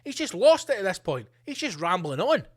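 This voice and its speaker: A man's voice: high-pitched, very animated, moderate pace. A middle-aged man hosting a solo podcast, ranting in a sweary, sarcastic way. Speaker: podcast host.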